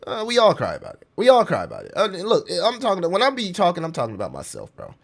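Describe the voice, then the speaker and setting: A man running a casual livestream, talking in a loose slangy way and dropping curses as he answers his chat. His pitch swings widely, from low mutters to sudden high bursts. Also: fast talker, vocal fry. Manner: animated, slangy, swears, reads chat aloud. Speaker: crypto livestream host.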